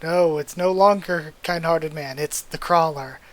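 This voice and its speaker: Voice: medium pitch, a little slow, close to an everyday voice. A manga reader voicing an earnest, flustered young male student hero.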